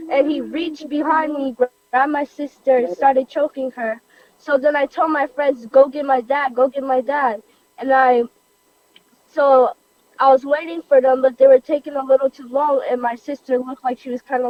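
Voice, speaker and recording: A young girl of about eleven or twelve recounting what happened to her, halting and full of restarts. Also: high voice, dry recording, muffled recording. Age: child, about 11 or 12. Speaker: child recounting an attack. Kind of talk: recounted personal account.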